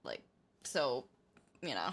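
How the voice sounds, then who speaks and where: Tired, tipsy woman, lively rambling. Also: extremely low pitch, takes it slowly, slightly rough. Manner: rambling, many "like"s, giggly. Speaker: co-host reviewing music. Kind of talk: casual livestream chat.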